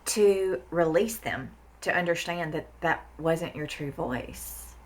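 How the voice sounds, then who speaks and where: A woman's voice: sits low, takes it slowly. A woman talking in a casual podcast conversation, blunt and emphatic, swearing freely and repeating words for stress. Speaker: therapist guest.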